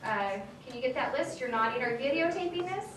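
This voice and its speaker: Woman politician, tired but animated, a raised speaking pitch, acts out the dialogue, taped from far back in an echoey hall. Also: fast, a little hiss or hum. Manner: animated storyteller acting out dialogue. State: tired from lack of sleep. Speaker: state assembly member speaking to a political group. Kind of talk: casual storytelling speech. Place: meeting hall with an audience.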